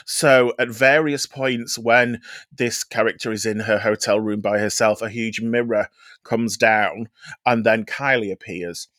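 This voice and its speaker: A man's voice: fairly low pitch, fairly even intonation, a little slow, a bit bright, no echo, clean studio sound. A man reviewing a musical in casual podcast chat, talking in a chatty, hesitant way with many ums.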